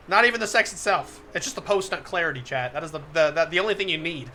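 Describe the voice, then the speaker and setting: A man's voice: a little high, expressive, quick pace, few pauses, noisy background. A man on a live stream reading a visual novel aloud, getting flustered, laughing often and breaking off to comment to his chat.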